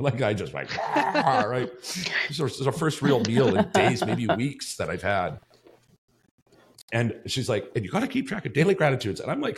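A male podcast host telling a story in casual chat, rambling and swearing freely, tagging his sentences with "right?". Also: medium pitch. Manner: rambling, profane, tags lines with "right?".

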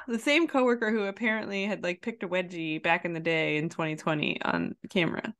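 Woman doing chatty storyteller, lively, laughs through her anecdote, spikes up for quoted outbursts. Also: a little fast. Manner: animated, jumps high when quoting herself; lots of fillers and restarts, laughs while telling. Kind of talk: casual chat, anecdote.

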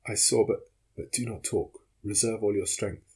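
A man's voice: lowish voice, normal speed, a little mellow, breathy edge. A man voicing a loyal, exhausted male servant in an audiobook, speaking in a weak, urgent murmur.

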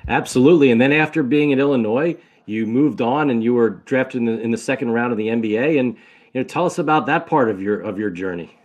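A man hosting an interview, asking questions with hesitant pauses. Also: mid-range voice. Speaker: host.

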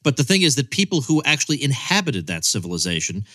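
Bright-toned jokey male host. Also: mid-range voice, fast talker. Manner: jokey, teasing, stammers when excited. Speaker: podcast host. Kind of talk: podcast interview.

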